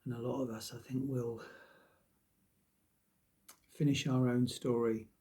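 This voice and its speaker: A man's voice: mid-range voice, flat delivery, measured pace, warm tone. A man rambling casually to his viewers, self-deprecating and swearing freely. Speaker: vlogger. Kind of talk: casual rambling monologue to camera.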